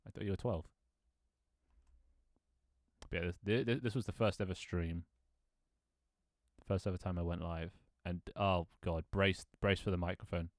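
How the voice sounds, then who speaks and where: A man in his twenties talks through his stream in a loose, rambling way, laughing at himself and swearing now and then. His voice sits very low. The sound is dry and close, captured on a desk microphone. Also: steady tone, normal speed, pauses often, no room sound. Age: 20s. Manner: rambling, self-mocking, laughs often, swears casually. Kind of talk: casual live-stream chat.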